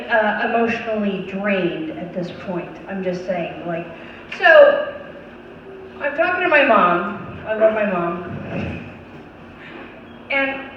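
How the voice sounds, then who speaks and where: A young adult woman doing stand-up comedy, animated and profane, talking straight to the crowd. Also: mid-range voice, muffled recording, background noise. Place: comedy venue. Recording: echoey club mic heard from far off.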